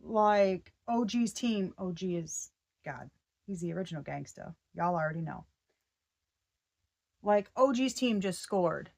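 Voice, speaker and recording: A woman giving a casual tarot reading, excitable and slangy, often breaking off mid-sentence to start over. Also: fairly low pitch, unhurried, gravelly, long pauses. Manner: slangy and profane. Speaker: tarot reader.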